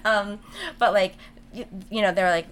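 A woman in casual chat, animated and giggly, with casual swearing. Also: medium pitch, moderate pace, slight background noise.

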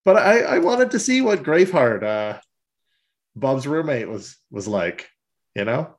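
Man for podcast co-host, expressive pitch, animated and loose. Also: measured pace. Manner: animated, laughs often, swears casually. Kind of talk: casual chat.

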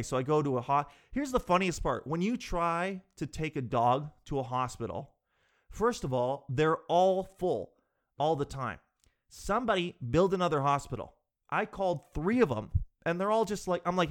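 A man's voice: fairly high pitch, expressive, normal speed, a bit bright. A man hosting a podcast, telling comic stories in a loose, rambling way, swearing casually and acting out the people in them. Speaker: comedian podcast host. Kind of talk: comic storytelling monologue.

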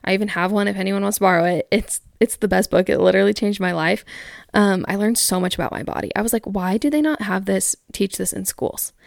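Chatty young woman with a gravelly edge. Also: medium pitch, no echo, clean studio sound. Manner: chatty, frequent "like" fillers, candid. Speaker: podcast host. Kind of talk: casual chat reading listener stories.

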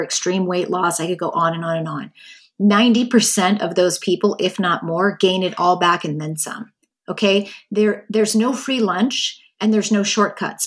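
Woman podcast host, solo casual talk, candid and animated, mid-range voice. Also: medium pitch. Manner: candid, animated, acts out quoted inner voices.

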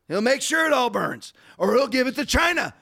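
Male podcast host, very high-pitched, bright pushy tone, rhetorical rants. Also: big pitch swings, creaky. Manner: rapid, digressive, rhetorical ranting. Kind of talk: political commentary.

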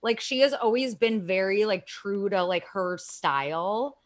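A woman's voice: medium pitch, animated, a little slow. Chatty young woman podcast co-host. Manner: chatty, sarcastic, frequent "like" fillers. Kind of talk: casual pop-culture chat.

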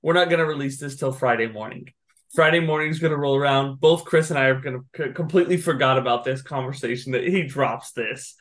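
A man co-hosting a casual podcast, chatting and reacting with quick, playful interjections and teasing. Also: medium pitch, a bit bright. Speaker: podcast co-host. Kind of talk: casual chat.

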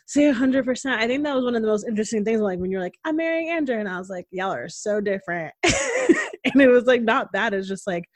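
A woman's voice: on the high side, very animated, quick pace. A chatty woman talking with a friend, her sentences strung together with filler words and frequent laughter. Her voice sits close to the mic, dry, with no room echo at all. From Connecticut. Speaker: podcast guest, longtime friend. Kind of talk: casual chat.

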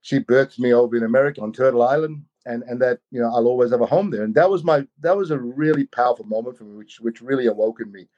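A man's voice: medium pitch, quick pace, few pauses. A man tells a long personal story over a video call, circling back and repeating himself as he searches for words. His voice sits in a middle range. The call audio is somewhat dull and muffled. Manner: rambling, repeats words, many fillers. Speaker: guest.

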